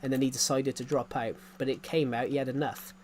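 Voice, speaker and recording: A man's voice: medium pitch, level tone, fairly quick, darkish tone, slight background noise. A man, chatting casually on a game live stream, rambling and repeating himself with frequent chuckles.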